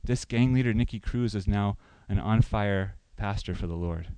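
A man's voice: lowish voice, normal speed, dark tone, smooth, no echo, low-quality recording. A man preaching a sermon who asks the congregation questions and lifts his voice for emphasis. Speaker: pastor.

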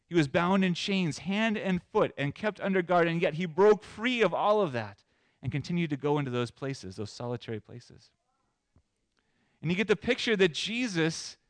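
A man pastor preaching a sermon in an animated way, moving between loud emphasis and soft asides. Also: fairly high pitch, no room sound.

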